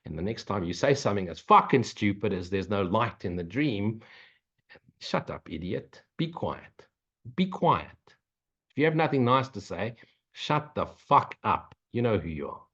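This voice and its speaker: A man's voice: on the low side, lively intonation, normal speed, fairly bright tone, slightly rough. Blunt, profane male spiritual teacher. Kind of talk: casual Q&A talk. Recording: muffled, lo-fi recording.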